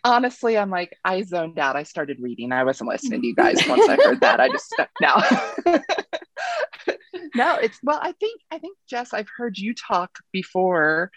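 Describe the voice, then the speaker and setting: An American woman co-hosting a casual podcast interview, animated and giggly, rambling through her thoughts. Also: mid-range voice, moderate pace, no echo. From United States. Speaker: podcast co-host.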